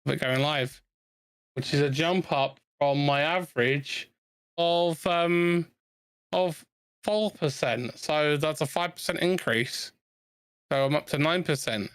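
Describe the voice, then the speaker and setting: A man's voice: on the high side, slow pace, a bit bright, clear, resonant tone, dry recording. A man with a South East London accent, chatting loosely with friends over a game and restarting his sentences often. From England. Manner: rambling, restarts often, laughs easily. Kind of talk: casual chat over gameplay.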